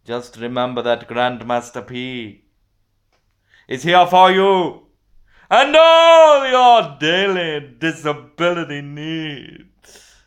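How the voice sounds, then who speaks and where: A man's voice: a little high, slow pace, a bit bright, smooth. A man playing a pompous, posh self-styled disability guru with a plummy, theatrical voice, who rambles and loses his thread. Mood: grandiose. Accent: posh English. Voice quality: plummy, theatrical, calls everyone darling. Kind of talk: comic character monologue.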